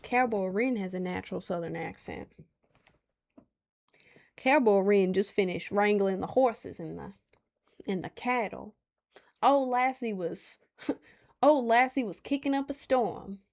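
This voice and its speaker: A woman's voice: on the low side, fairly quick, creaky, few pauses, a little mellow. Woman putting on a Southern cowgirl drawl. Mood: playful. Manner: playful, hammy storytelling. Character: self-styled cowgirl with a put-on Southern drawl.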